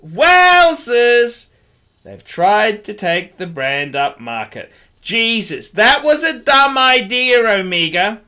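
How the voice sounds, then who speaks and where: A middle-aged Australian man rants in a commentary vlog, heavy with sarcasm and returning to the same catchphrases. His voice sits unusually high for a man and cuts through with a bright, sharp edge. He takes his time, dragging each jab out slowly. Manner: sardonic, scornful, repeats catchphrases. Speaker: watch dealer.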